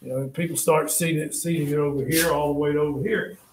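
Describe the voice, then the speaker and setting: A man teaching a history class, telling the story with lively asides and reminders to take notes. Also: on the high side, fast, slight background noise. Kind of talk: classroom lecture. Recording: echoey classroom.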